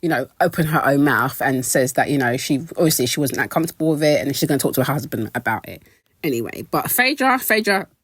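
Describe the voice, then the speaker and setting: Low-voiced British woman gossiping animatedly. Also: fast talker, slightly rough, no echo. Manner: animated, laughing, expressive pitch jumps. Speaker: reality TV recap vlogger. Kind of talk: casual gossipy commentary.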